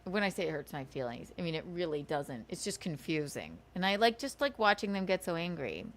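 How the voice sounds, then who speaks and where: A woman's voice: lowish voice, very animated, brisk. A woman hosting a livestream, ranting sarcastically with swearing and giggles. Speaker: livestream host. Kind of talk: casual livestream rant.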